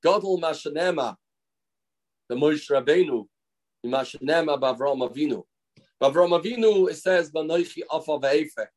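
A man's voice: fairly high pitch, lively intonation, moderate pace, long pauses, darkish tone. A man giving a daily Torah lesson as a rabbi, explaining through stories and acted-out quotes. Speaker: rabbi teaching a daily class.

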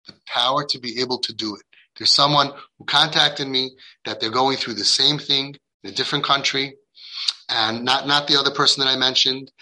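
Bright-voiced man lecturing parents. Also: mid-range voice, poor audio. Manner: emphatic, acts out quoted dialogue; uses Hebrew and Yiddish religious terms. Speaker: parenting guide addressing parents.

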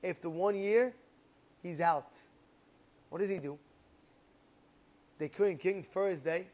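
A man casually telling a parable as a moral lesson, animated and rambling, with repeated fillers. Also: high voice, slow, pauses often. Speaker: storyteller giving a moral lesson.

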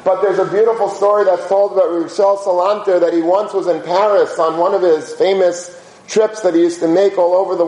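A man's voice: sits high, a little mellow. A man teaching a conversational religious lecture, telling stories in an informal, anecdotal way and dropping in Hebrew and Yiddish terms. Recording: roomy echo.

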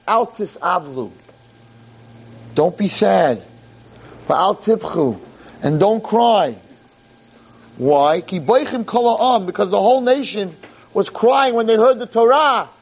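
A man giving an animated holiday sermon as a rabbi, mixing Hebrew verses with English and acting out the quotes dramatically. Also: unhurried, long pauses, slightly rough. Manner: dramatic, acts out quotes with big pitch jumps. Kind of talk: animated sermon to a live audience.

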